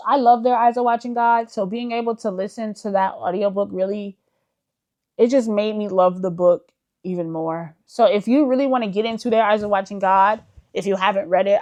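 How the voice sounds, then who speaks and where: A woman book vlogger in casual chat, enthusiastic and full of fillers, calling her viewers "y'all". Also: mid-range voice. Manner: chatty, enthusiastic, uses many fillers like "like".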